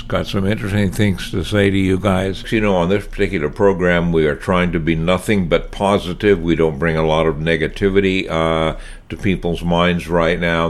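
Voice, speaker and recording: A man's voice: low voice, slight background noise. A middle-aged man hosting a talk radio show, chatting in a conversational, opinionated way with frequent fillers. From Washington State.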